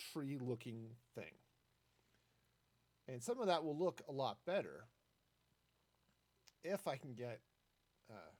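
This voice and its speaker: Man, streamer, casual gameplay talk, rambling, very animated pitch. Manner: chatty and rambling, lively swings in pitch.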